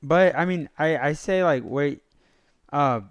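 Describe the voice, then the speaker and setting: A man's voice: a little high, slow. A young man chatting casually, hesitant and stumbling over his words. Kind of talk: casual chat.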